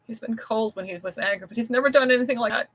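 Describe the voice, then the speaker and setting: Reader doing a timid, scared wife, bright and pleading, storybook. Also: mid-range voice, expressive, brisk, poor audio. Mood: tearful. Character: frightened gentle small wife.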